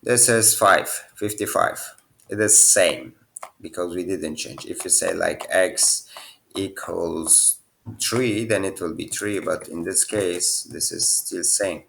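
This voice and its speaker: A man's voice: sits low, slow, gravelly, fairly bright tone, a little hiss or hum. A young man with non-native phrasing, casually talking through programming quiz answers at his computer. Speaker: programming teacher. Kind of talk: casual screen-share tutorial.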